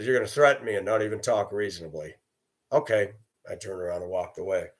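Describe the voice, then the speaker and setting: A middle-aged man from Denver telling personal stories in a casual monologue, acting out the quoted voices and getting loud in the tense parts. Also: on the low side. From from Denver area. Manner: acts out quoted voices, rising loud for confrontations.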